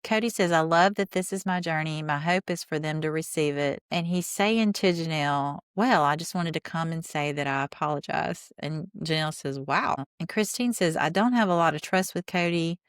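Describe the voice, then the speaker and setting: A woman with a low, smooth, clear voice recaps a reality show in casual commentary, retelling scenes line by line and dropping blunt, sarcastic asides. She speaks at a moderate pace with few pauses, and the recording is dry and close, with no echo or sense of a room.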